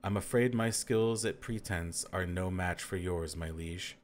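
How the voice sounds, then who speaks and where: A man's voice: sits low, measured pace, a little hiss or hum. A man reading the part of a proud, guarded noblewoman who speaks icily. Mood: icy. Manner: icy, clipped.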